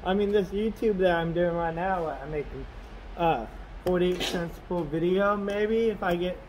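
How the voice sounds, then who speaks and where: A man with a notably high voice talks into the camera from inside his car. He rambles and complains, circling back on himself with constant "you know"s, and a faint hum of ambience sits behind him. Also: a little slow, darkish tone, poor audio. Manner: aggrieved, complaining. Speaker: delivery driver vlogger. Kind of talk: casual vlog rant. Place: in his car on a snowy road.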